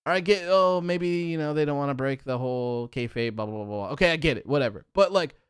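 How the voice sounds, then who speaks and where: A man's voice: on the high side, fast talker, smooth, no room sound, studio quality. A man hosting a live stream, talking casually and full of fillers, reading chat comments and building into exasperated rants. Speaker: host of a wrestling post-show live stream.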